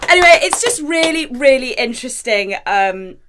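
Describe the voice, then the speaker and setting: A woman's voice: sits high, sing-song, moderate pace, very noisy. A woman co-hosting a podcast, chatting casually and reading excerpts aloud with enthusiasm. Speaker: podcast co-host. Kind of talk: casual chat.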